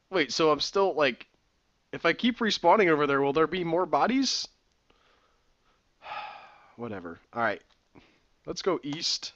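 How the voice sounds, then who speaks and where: A man's voice: on the high side, big pitch swings, unhurried, pauses often, a bit bright, dull audio. A man playing a text adventure, reading the game's text aloud and breaking off for sarcastic, puzzled asides. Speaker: let's-play gamer.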